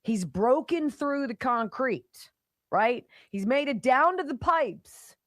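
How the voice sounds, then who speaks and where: A female talk radio host from the Pittsburgh area, speaking in a lively voice that swings up and down and laces her monologue with sarcasm. The sound is dry and close, with no room around it. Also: sits high, takes it slowly, no room sound. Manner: animated, sarcastic, mocking asides.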